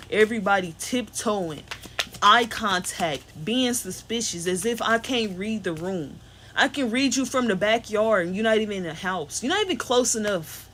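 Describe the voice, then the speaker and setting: A woman's voice: a little high, fairly bright tone. A woman working as a spiritual reader, talking in an unscripted, rambling monologue full of slang and blunt insults.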